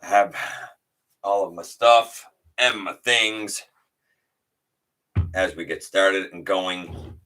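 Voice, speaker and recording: A man with a low voice that has a bright, forceful edge hosts a relaxed livestream from his home setup. He rambles a little, greets viewers by name and reads their chat comments back to them. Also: slow pace, long pauses. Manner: rambling with fillers and restarts. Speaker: livestream host.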